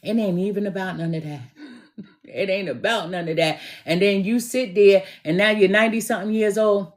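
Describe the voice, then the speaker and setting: A woman's voice: mid-range voice, moderate pace. Chatty laughing woman tarot reader. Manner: chatty, slangy, laughing often. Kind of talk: casual live-stream chat with viewers.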